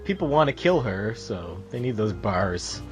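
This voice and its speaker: A man's voice: lowish voice, big pitch swings, unhurried, soft background music, poor audio. Man hosting a podcast. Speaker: podcast host. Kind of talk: casual chat, running the segments.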